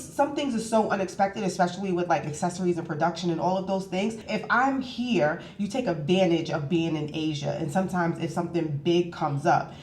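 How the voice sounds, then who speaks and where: Animated woman vlogger telling a story. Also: medium pitch, reverberant, a little hiss or hum. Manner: animated storytelling, acts out both sides of the dialogue. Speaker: travel vlogger. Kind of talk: casual storytime chat. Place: hotel room.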